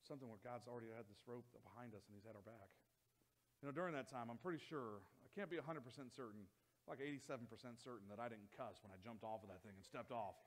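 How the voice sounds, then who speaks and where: A man, a youth pastor, preaching a sermon and telling a lively story, acting out voices as he goes. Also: lowish voice, fast. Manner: animated storytelling, acts out his own voice and others'. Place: church hall.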